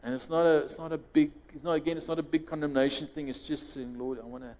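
South african guy preaching, chatty, keeps restarting, dark mellow voice, big echoey hall. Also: on the high side, steady tone, quick pace. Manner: conversational, restarts phrases, rises sharply when quoting others. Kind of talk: sermon with closing prayer.

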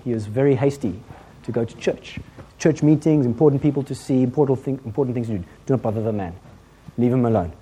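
An English preacher doing a pair of fussy, self-important male disciples who shush people in mock olde English. The voice sits a touch lower and quieter than his own, pompous rather than loud. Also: fast talker, a little hiss or hum, natural voice. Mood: hushing, pompous.

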